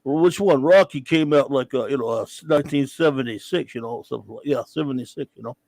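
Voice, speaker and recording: A man doing a comic impression of a punchy, slow-witted boxing champ who mumbles and halts. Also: mid-range voice, gravelly, darkish tone, dry recording. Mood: dopey. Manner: mumbling, halting, drawling.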